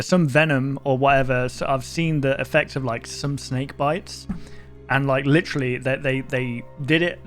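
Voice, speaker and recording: A man giving casual let's-play commentary, rambling and reacting aloud while joking about what he sees. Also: mid-range voice. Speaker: gaming YouTuber. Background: game audio and music.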